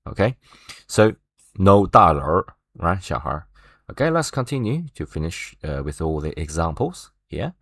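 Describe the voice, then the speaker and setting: A man walks learners through an online language lesson. He talks slowly and explains step by step, dotting his sentences with fillers and "right?". The sound is dry and close. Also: sits low, sing-song, vocal fry, a bit bright, slightly rough, dry recording. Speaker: Chinese language teacher.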